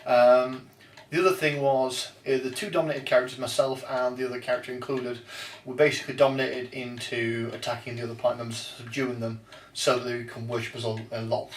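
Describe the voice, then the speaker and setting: A man's voice: mid-range voice, flat delivery, a little fast, recorded from a distance. Man chatting from afar, echoey. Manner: hesitant, restarts sentences. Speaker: podcast host. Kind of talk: casual chat. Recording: roomy echo, off-mic, faint noise.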